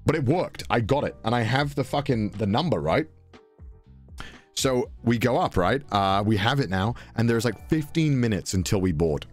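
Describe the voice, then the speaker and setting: A young British man tells a travel anecdote in a casual, animated way. His pitch swings widely, jumping into high squeaks when he acts out his own panic, and he swears freely. Faint music plays underneath. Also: normal speed. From Britain. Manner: swearing, mimics voices, high-pitched exclamations. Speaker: podcast storyteller.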